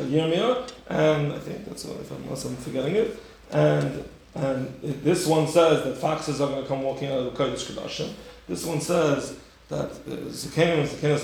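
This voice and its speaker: A man teaching a Torah class with rhetorical questions, his voice a touch high for a man. He acts out the story with sudden high, loud bursts. The room is strongly echoey. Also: creaky. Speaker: rabbi giving a class.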